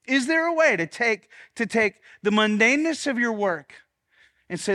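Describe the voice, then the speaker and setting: A man's voice: extremely high pitch, expressive, moderate pace, bright, forceful tone. A man preaching a sermon as pastor, earnest, often repeating words as he restarts, and leading the congregation in spoken confessions.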